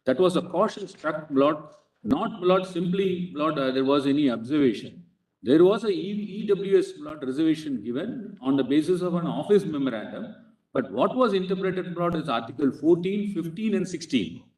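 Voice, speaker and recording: A man's voice: on the high side, expressive, moderate pace, a little mellow. A man with an Indian English accent arguing formally before a court bench, insistently addressing the judges as "Lord" in almost every phrase. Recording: echoey courtroom, speaker far from mic.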